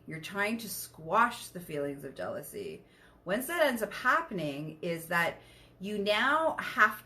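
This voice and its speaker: A woman talks through a podcast monologue in a bright, forward voice. She is frank and emphatic, drops swear words without hesitation, and keeps asking her listeners whether they are following along. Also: medium pitch. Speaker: podcast host.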